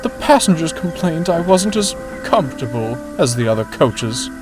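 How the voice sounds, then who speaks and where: A man's voice: a little high, very animated, normal speed, music in the background, voice pushed up. A man voicing a forgotten old female passenger coach, with a wailing, sighing, fussy manner. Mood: mournful.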